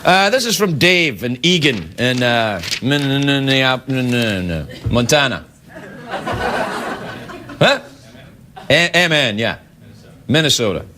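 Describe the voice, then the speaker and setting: A man's voice: medium pitch, very animated, slow pace, long pauses. A man hosting a late-night talk show, rambling through a comic monologue and viewer emails with self-mocking jokes, recorded in a TV studio. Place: TV studio with live audience. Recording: loud studio audience laughter and noise.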